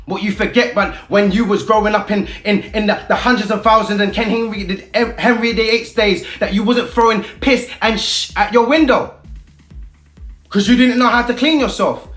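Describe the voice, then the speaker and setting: A man delivers a fierce, confrontational rant straight to camera, peppered with street slang. His voice sits high for a man. The sound rings around an echoey room. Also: normal speed, a bit bright, soft background music. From Britain. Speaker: activist vlogger.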